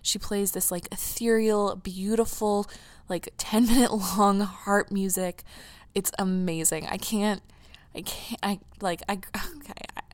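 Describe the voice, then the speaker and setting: A woman's voice: medium pitch, steady tone, a little slow, dry recording. A young woman in her teens hosting her own casual podcast, gushing and rambling emotionally with restarts, close to tears. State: near tears. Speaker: podcast host. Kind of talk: casual solo podcast chat.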